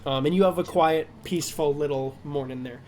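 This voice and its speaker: High-voiced rambling game master. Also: male voice, fairly quick, a little mellow, a little hiss or hum. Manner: rambling, filler-heavy, laughing often. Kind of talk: narrating a tabletop game.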